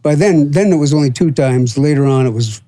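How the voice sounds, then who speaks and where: Brisk and mellow, with a slightly high voice, a seventy-something Floridian spins profane, meandering tales as a guest on a podcast. His casual storytelling is full of filler words and quotes he acts out.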